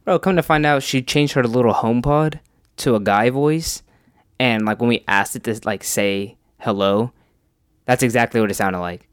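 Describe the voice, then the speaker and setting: A man's voice: medium pitch, normal speed, clear, resonant tone, no echo, studio quality. A young man in casual podcast chat, laughing often and bantering. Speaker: podcast co-host.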